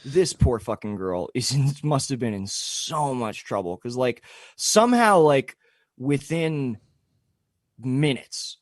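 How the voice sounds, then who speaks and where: A young man co-hosting a podcast, telling a story in casual chat, animated, swearing and laughing often. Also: medium pitch, slow pace, no room sound. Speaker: podcast co-host.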